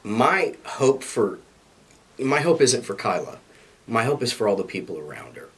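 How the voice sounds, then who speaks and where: A middle-aged man with a husky, sick-sounding voice, answering interview questions in an office, earnest and reflective with self-deprecating humor. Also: fairly low pitch, big pitch swings, normal speed, a bit bright, slight background noise. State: sick, hoarse. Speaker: university staff interviewee. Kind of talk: recorded interview.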